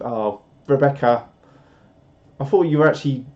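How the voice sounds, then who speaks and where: Reading viewer comments during a casual live stream, a man jokes and rambles at a measured pace in a medium pitch. The sound quality is dull and lo-fi.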